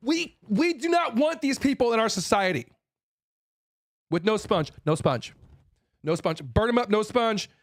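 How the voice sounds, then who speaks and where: Fired-up high-voiced man ranting. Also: animated, unhurried, pauses often. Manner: blunt, profane, repeats phrases, stumbles and restarts; fired up, forceful. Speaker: host. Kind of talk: heated ranting monologue.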